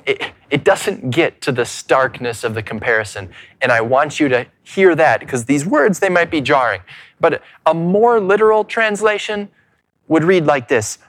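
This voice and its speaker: A man pastor preaching a sermon earnestly, repeating words as he goes and dropping to hushed lows between loud points. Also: animated, normal speed. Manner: frequent repeated words and restarts.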